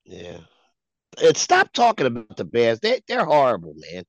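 A man's voice: mid-range voice, wildly swooping pitch, moderate pace, vocal fry, a bit bright, no echo, low-quality recording. A man from Philadelphia co-hosting a sports podcast, teasing his co-host with mock indignation. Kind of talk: casual sports chat.

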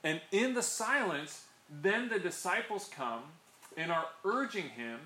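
A Bible teacher with a high voice that swings widely in pitch talks a little slowly, his delivery pushed and bright. He's giving a relaxed study to a small group, full of "right?" asides, recorded in an echoey space with faint background noise.

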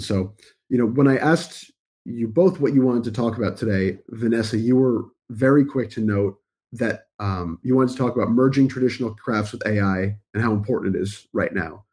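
A man's voice: mid-range voice, dark tone, slightly rough. A man hosting a podcast, his voice nasal from a cold, talking in an articulate, enthusiastic way. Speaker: podcast host. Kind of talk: podcast intro and interview.

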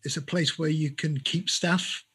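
Co-host: man, husky tone, relaxed interviewer, slightly high pitch. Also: measured pace. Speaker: podcast co-host. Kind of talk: podcast interview.

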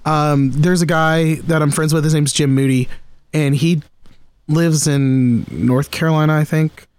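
Dude rambling about pedals, kinda high voice, dry close sound. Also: male voice, a little slow, smooth, no echo. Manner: rambling, restarts often, excited about gear. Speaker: podcast host. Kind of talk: casual gear chat.

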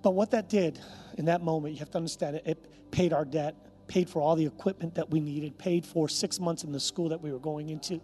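A man pastor preaching a sermon, telling a personal story and then rising into a loud, impassioned prayer. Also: a little high, steady tone, brisk, soft background music. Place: church service.

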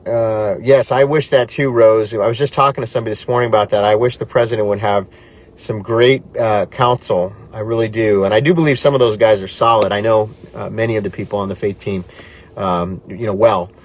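A man's voice: on the low side, brisk. A man, a pastor hosting a live stream, talking earnestly and reading out viewer comments in a loose conversational way. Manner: earnest and conversational, drifting between animated and quiet. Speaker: pastor, livestream host.

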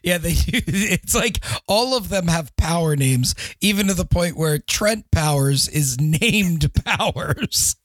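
A man's voice: on the high side, lively intonation, slow pace, hardly any pauses, a bit bright, no room sound. A man co-hosting a podcast, talking emphatically about books and laughing often. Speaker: podcast co-host. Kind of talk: casual book discussion.

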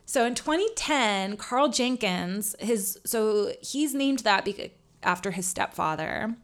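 A woman in her thirties tells a true-crime story to her co-host, talking in loose, chatty fashion and scattering fillers through her sentences. Her voice sits at an ordinary middle pitch. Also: lively intonation, a little slow. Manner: chatty, lots of "like", laughs often. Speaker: podcast co-host. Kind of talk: casual chat, telling a true-crime story.

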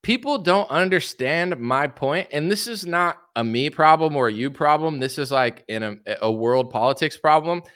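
A man's voice: on the high side, moderate pace, hardly any pauses, no echo, studio quality. A young man giving political commentary on a livestream, ranting with sarcasm and mockery. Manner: sarcastic, mocking, animated ranting.

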